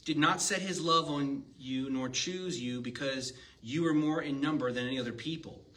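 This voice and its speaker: A man's voice: medium pitch, moderate pace, fairly bright tone, slight background noise. A man preaching a sermon in a church, reading scripture and talking to the congregation in a conversational way, asking them questions. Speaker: pastor. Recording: distant mic with faint ambience.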